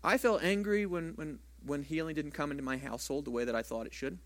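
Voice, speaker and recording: A male pastor delivers a sermon in a church sanctuary, with a voice that sits a touch higher than most men's. He keeps a conversational preaching manner and throws rhetorical questions out to the congregation. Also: fast, fairly bright tone.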